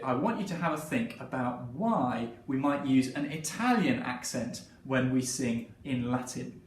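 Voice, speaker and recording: A man leading a children's singing lesson, talking in a friendly, encouraging way. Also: medium pitch. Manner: friendly, encouraging, sings along. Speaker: singing teacher. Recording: roomy sound from a distance with piano. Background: piano.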